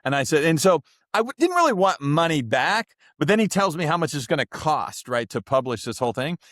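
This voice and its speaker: A man's voice: a little high, sing-song, fairly quick, a bit bright, dry recording, studio quality. A man co-hosting a casual podcast chat, telling rambling stories and acting out what other people said. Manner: rambling storyteller, acts out quoted voices. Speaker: podcast co-host.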